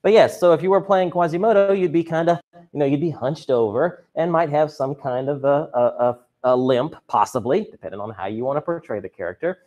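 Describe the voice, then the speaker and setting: A man's voice: on the high side, fairly quick, a little mellow, highs cut off. Upbeat chatty male teacher on a video call. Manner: upbeat, chatty, joking asides with students. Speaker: drama and chorus teacher. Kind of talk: virtual class lesson. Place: classroom. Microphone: computer mic on a video call.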